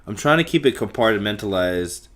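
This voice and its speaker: A man's voice: fairly low pitch, lively intonation, normal speed, a bit bright. A young man rambling through a profane solo podcast monologue, talking in circles. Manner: rambling, profane, stream of consciousness. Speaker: podcast host.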